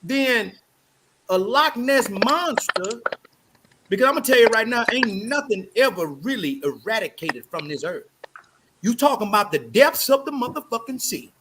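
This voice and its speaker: High-pitched man panelist, loud profane rant, faint hiss behind. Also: normal speed. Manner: loud, profane, animated ranting. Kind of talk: casual panel discussion.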